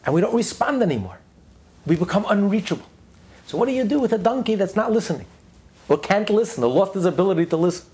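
A man's voice: sits high, big pitch swings, fast, darkish tone, breathy edge. A man giving a sermon as a religious teacher, driving his points home with emphatic, repeated lists. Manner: tells a joke story mid-lesson.

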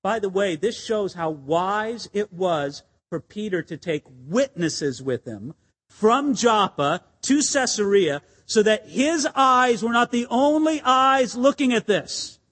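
A man pastor preaching an expository sermon in an animated, conversational and emphatic way, with asides to the congregation. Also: high-pitched, slow pace, husky, in a large hall.

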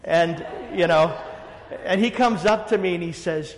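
A man, a pastor, tells a story in an animated, rambling way and fills it with "you know". His voice sits a bit high for a man. The room gives it a long reverb tail. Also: moderate pace. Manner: animated, rambling, many fillers. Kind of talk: casual storytelling in a group chat.

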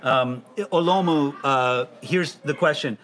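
A man with a rather high, fairly bright voice speaks slowly while hosting a casual faith conversation. He reads listener questions aloud in a teasing, inquisitive way.

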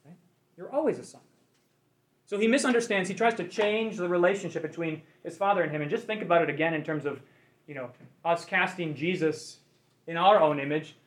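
High-voiced man leading a Bible class. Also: a little fast. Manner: conversational, asks the group questions. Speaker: Bible study leader. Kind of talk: interactive Bible class teaching.

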